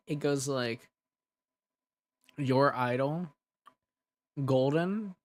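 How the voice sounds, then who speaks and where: A man's voice: medium pitch, no room sound. Rambling, chatty young man. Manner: rambling, chatty, frequent laughs and restarts. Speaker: ASMR creator. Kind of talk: casual livestream chat.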